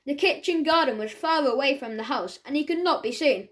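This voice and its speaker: A woman narrating a children's audiobook in a clear, steady storytelling manner. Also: high voice, fairly quick.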